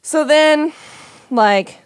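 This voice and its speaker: A woman's voice: sits high, extremely slow, no room sound, clean studio sound. A young woman telling a story in casual chat, chatty and profane, with many "like" fillers.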